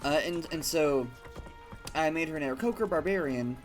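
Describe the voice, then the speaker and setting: A man's voice: on the high side, moderate pace, faint music behind. A man chatting casually while playing a video game, rambling through a story with lots of fillers and the odd swear. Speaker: gaming streamer. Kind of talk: casual let's-play commentary.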